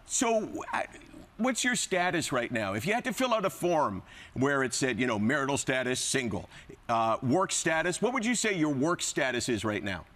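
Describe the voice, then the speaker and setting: A man's voice: medium pitch, big pitch swings, normal speed, fairly bright tone. A man hosting a talk show, asking direct, wry questions in a casual interview.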